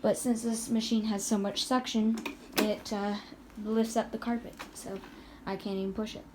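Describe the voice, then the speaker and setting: A woman's voice: a little high, little pitch movement, normal speed, noisy background. A woman giving a casual home product review, chatty and rambling with lots of fillers, speaking indoors at home.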